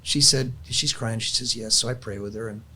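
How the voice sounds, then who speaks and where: A man's voice: mid-range voice, a little fast, bright, forceful tone, breathy edge. A man, older in years, earnestly sharing a personal faith story in casual chat, with frequent restarts. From California.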